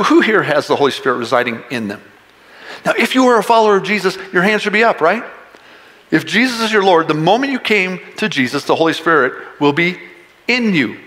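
A man preaching a sermon as pastor, animated and rising to shouts to stress a point. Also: sits high. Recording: long reverb of a large hall.

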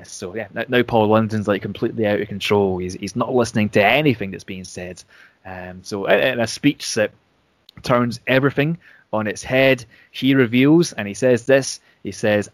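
A man's voice: lowish voice, steady tone, moderate pace, dry recording. A man casually retelling a wrestling storyline, rambling with restarts and fillers.

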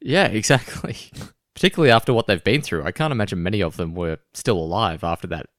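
A man's voice: deep voice, expressive, fast, fairly bright tone, no echo, studio quality. A man co-hosting a podcast in casual chat, laughing often and restarting his sentences. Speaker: podcast co-host.

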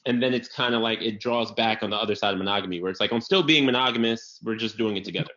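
Animated, swearing man on a lo-fi podcast. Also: lowish voice, very fast. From New York area. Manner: animated storyteller, acts out quotes, swears freely. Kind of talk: casual comedic chat. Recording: slightly dull lo-fi audio.

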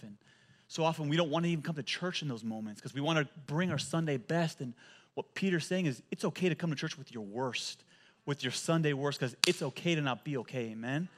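A male pastor preaching a sermon, telling animated stories and often repeating words as he goes. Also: a little high, fast.

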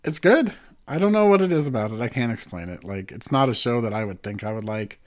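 Mid-pitched man, relaxed co-host banter, many "like"s. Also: quick pace. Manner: easygoing, leans on "like" fillers. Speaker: podcast co-host. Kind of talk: casual chat.

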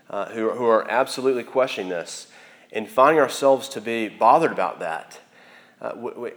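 Young male campus preacher, low voice, earnest and halting, repeats words mid-prayer. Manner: earnest, repeats words while searching for them. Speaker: campus minister. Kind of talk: sermon and closing prayer.

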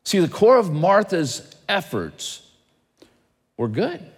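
Male pastor, sermon delivery, lively swinging pitch, long echo of a church hall. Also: slow pace, long pauses, slightly rough. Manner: animated preaching with rhetorical questions.

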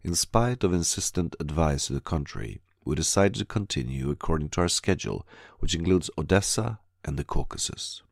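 A man with an extremely low, gravelly voice reads a diary as an audiobook. His delivery is measured and steady. The recording is dry and close, with no room sound. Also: no echo. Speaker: audiobook narrator. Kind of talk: scripted narration.

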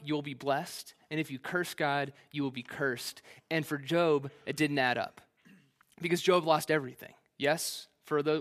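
Casual, slangy male preacher, fairly high voice. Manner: relaxed, slangy retelling with playful asides. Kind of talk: casual conversational sermon.

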